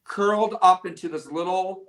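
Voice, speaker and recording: A magician guest telling a lively story in casual conversation, with many restarts. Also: male voice, sits high, normal speed.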